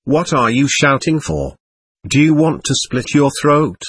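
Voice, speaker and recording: A husky-voiced man reading the lines of a rude, blunt innkeeper who accuses his guests. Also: medium pitch, very animated, measured pace, fairly bright tone, full character voice.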